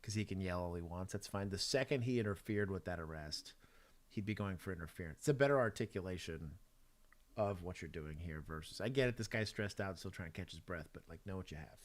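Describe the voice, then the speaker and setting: A man giving relaxed, chatty commentary on police videos as a streamer. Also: low-pitched, fairly quick. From Texas. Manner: relaxed, chatty, laughs often. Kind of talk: casual commentary.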